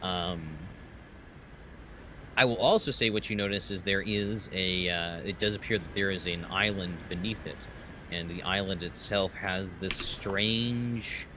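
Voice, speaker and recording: Deep-voiced man narrating as game master. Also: steady tone. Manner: slow descriptive narration with fillers. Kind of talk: narrating a tabletop game session. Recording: clear background noise.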